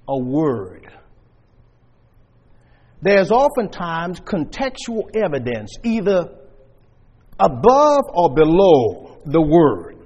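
A man preaching a sermon to a congregation, stressing points loudly and then dropping to quiet asides. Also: fairly high pitch. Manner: emphatic, swings between loud stresses and quiet asides. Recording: long reverb of a church hall.

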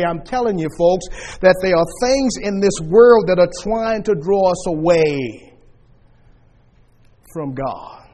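A man preaching a sermon to a congregation, stressing points loudly and then dropping to quiet asides. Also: high-pitched, lively intonation, slow pace. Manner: emphatic, swings between loud stresses and quiet asides. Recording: long reverb of a church hall.

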